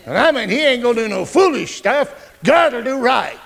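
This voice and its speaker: A male pastor preaching a folksy, joking, animated sermon. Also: very high-pitched, moderate pace, gravelly, a crowd in the background.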